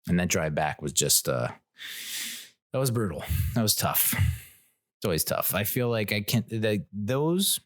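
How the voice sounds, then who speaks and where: A man's voice: on the low side, sing-song, measured pace, long pauses, no room sound, clean studio sound. A man hosting his own podcast, telling a rambling, self-mocking story and laughing at his own jokes. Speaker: podcast host. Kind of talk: casual solo podcast storytelling.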